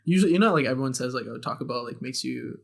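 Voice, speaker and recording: A man's voice: medium pitch, lively intonation, racing, creaky. A man hosting a casual podcast who chats loosely and candidly. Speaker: podcast host. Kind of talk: casual chat.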